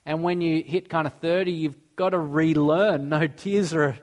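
A man's voice: on the high side, fairly even intonation, normal speed. A man, preaching a sermon earnestly and mixing in personal stories. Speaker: pastor.

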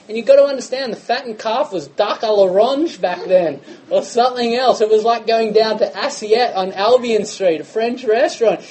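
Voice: medium pitch, normal speed, hardly any pauses, a little mellow, rough recording. A preacher, giving a conversational sermon full of rhetorical questions.

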